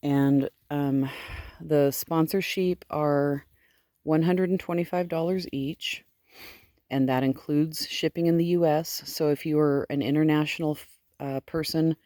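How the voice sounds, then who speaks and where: A woman's voice: sits low, steady tone, a little slow, mellow, no echo, studio quality. A woman sheep farmer chatting casually outdoors in her sheep pen, cooing baby talk to her animals in between. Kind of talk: casual vlog talking to animals.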